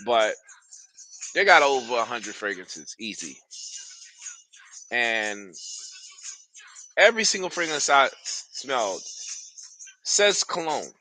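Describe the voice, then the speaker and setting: Bright-voiced man chatting about fragrances. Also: mid-range voice, sing-song, slow pace, long pauses, faint music behind. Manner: loose, slangy and enthusiastic, talks straight to viewers. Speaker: fragrance reviewer streaming live. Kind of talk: casual live-stream chat.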